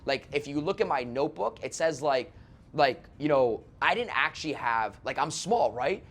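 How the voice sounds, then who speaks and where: Guy telling stories on a podcast, kinda high voice, fast, swears a lot, says like and bro constantly. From Canada. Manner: rapid, profane, excitable, full of "like" and "bro". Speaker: sales trainer guest. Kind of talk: casual podcast storytelling.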